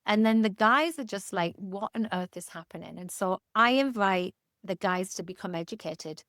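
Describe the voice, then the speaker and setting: A woman's voice: medium pitch, moderate pace, a bit bright, dry recording, studio quality. A woman in her fifties, a guest expert in a casual podcast interview, talking candidly with jokes and casual swearing.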